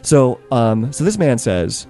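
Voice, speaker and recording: A man's voice: medium pitch, very animated, slow pace, warm tone, faint music behind. A man narrating a tabletop game as game master, rambling a little with restarts and laughing easily.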